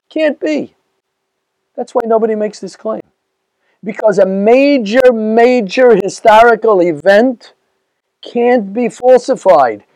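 A rabbi giving a lecture to a live audience, animated and rhetorical, putting questions to the listeners. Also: male voice, very high voice, no room sound, low-quality recording.

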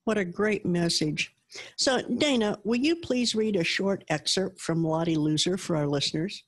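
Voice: mid-range voice, moderate pace. An interview host asking an author polite, encouraging questions.

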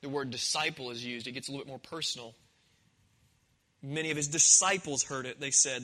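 A man's voice: mid-range voice, a little fast, pushed and bright, low-quality recording. A man preaching a sermon in a conversational, storytelling way, acting out the scenes. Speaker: pastor.

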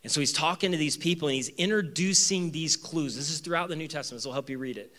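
A man preaching a sermon to his church, animated, acting out voices in the story and moving between loud emphasis and quiet asides. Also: a little high, fast. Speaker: pastor. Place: church with two campuses.

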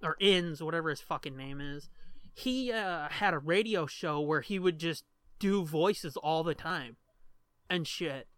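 A person co-hosting a casual movie commentary, animated and joking, swearing freely and talking fast in bursts. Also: medium pitch, clear, resonant tone, no echo. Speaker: co-host of a movie commentary podcast.

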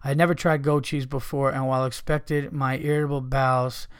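A man hosting a podcast, reading listener stories aloud and breaking into loud, laughing, profane riffs. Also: mid-range voice, fairly quick, clean tone, dry recording, studio quality. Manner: loud animated riffing between readings, swearing and laughing. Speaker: podcast host.

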